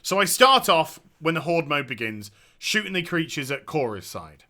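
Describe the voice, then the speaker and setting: Exasperated male game reviewer, high voice, very bright and cutting, sarcastic and foul-mouthed. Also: very animated, normal speed.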